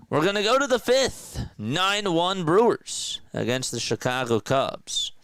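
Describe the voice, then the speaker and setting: Male play-by-play host, casual and chatty, smooth clean voice, dry close sound. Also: high-pitched, very animated, measured pace, few pauses, fairly bright tone, dry recording. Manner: casual, chatty, talks to viewers. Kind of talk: amateur play-by-play commentary with chat.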